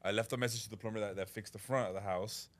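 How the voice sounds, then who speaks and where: A man's voice: fairly low pitch, steady tone, fast, fairly bright tone. A man co-hosting a casual podcast who tells stories with acted-out quotes, swears freely and laughs often. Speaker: podcast co-host.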